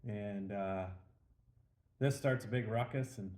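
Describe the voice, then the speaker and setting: A man's voice: fairly low pitch, slow, darkish tone. A man hosting a casual beer review show, rambling a little with fillers as he tells a joke, in an echoey room.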